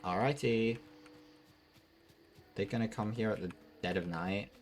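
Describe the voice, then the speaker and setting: A man's voice: sits low, fairly even intonation, fairly quick. A man streaming a game, commenting offhand as he plays. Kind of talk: casual gameplay commentary.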